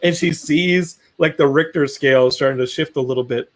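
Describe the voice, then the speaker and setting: A man co-hosting a livestream, teasing a co-panelist with wisecracks and quick impressions. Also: on the high side. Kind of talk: casual chat.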